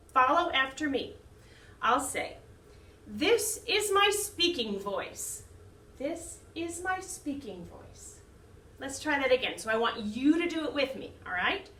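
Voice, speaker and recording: A woman who directs a children's choir, teaching young children a lesson slowly in a sing-song way. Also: sits high. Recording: echoey room, mic some distance off.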